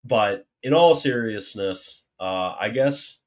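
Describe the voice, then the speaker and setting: A man's voice: on the low side, animated, takes it slowly. A man hosting a casual livestream Q&A, reading viewer questions aloud and answering them with jokey mock alarm and then earnest explanation. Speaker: livestream host answering super chats.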